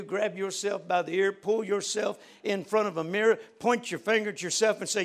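An older man preaching a fervent sermon, leading the congregation in prayer and shouting praise. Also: high-pitched, gravelly. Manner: fervent, shouting preaching with call-and-response prompts.

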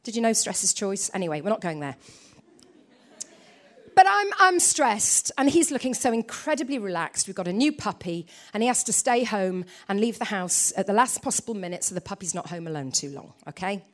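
A woman preaching a sermon, telling a story with lively delivery and quiet low asides. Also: brisk.

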